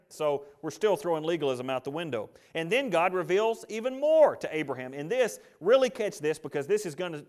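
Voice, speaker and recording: A man preaching a sermon, reading scripture aloud and then commenting on it in an emphatic, conversational way. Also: a little high.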